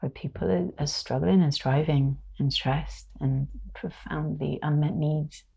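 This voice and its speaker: Woman in her thirties, gravelly low voice, emotional casual storytelling, lots of fillers. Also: fairly even intonation, measured pace, mellow. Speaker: guest. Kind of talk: casual conversation.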